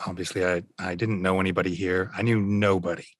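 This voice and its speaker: A man's voice: low-pitched, little pitch movement, quick pace, no room sound. A middle-aged man as a guest on a casual podcast interview, speaking in an easygoing, hedging way with light laughs. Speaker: guest voice actor.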